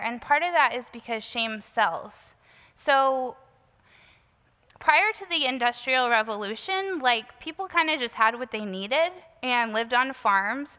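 Woman speaker, bright and a touch high-pitched, casual self-deprecating sermon storytelling; recorded in a hall with long reverb.

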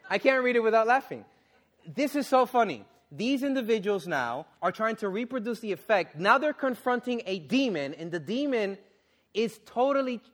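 A man preaching a sermon and reading scripture, exclaiming and questioning the congregation, then dropping to a low, earnest tone for serious points. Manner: animated, exclaiming and asking the audience questions.

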